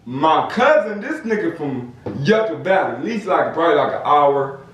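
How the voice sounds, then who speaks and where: Far from the mic in an echoey room, with a slight hiss or hum, a young man hosting a podcast spins an animated story. He's from Southern California, speaks in slang at a moderate pace with a slightly high voice, and acts out the quotes.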